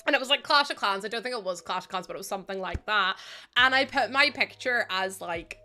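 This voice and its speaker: A woman's voice: mid-range voice, fast, sharp tone. A young woman chatting casually while streaming a game, telling rambling stories and laughing often. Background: faint background music.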